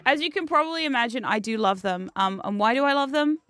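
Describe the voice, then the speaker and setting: A woman's voice: a little high, animated, fast talker, a bit bright, dry recording, faint music behind. A woman streamer chatting casually while gaming, swearing freely and laughing often at a desk microphone.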